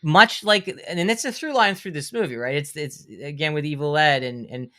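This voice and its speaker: A man's voice: fairly high pitch, moderate pace, sharp tone. A man on a podcast as a guest, thoughtfully analyzing a film in casual chat and restarting his phrases. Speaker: podcast guest, horror filmmaker.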